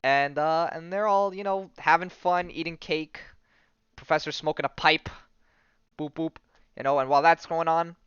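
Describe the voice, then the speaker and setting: Male podcast host, animated storyteller, smooth voice, dry, slightly dull sound. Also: medium pitch, no room sound. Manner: animated, jokey storyteller with many fillers. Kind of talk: casual chat retelling a comic.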